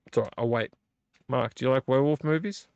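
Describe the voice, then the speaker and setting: A man's voice: medium pitch, quick pace, darkish tone, smooth, no room sound, lo-fi sound. A man hosting a late-night live video stream, rambling and teasing a viewer by name while a little tipsy from drinking. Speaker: vlog host.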